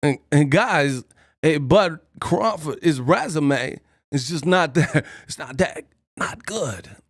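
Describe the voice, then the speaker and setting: A man's voice: a little high, animated, takes it slowly, no room sound, studio quality. A man hosting a boxing live stream, joking and laughing often as he does impressions. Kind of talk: casual live-stream commentary.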